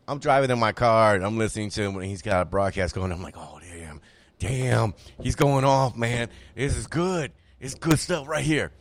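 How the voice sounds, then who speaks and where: A man's voice: on the low side, no room sound. A man hosting a political talk show, speaking emphatically and repeating phrases to drive his points home. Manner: emphatic, animated, repeats himself when making a point. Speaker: podcast host.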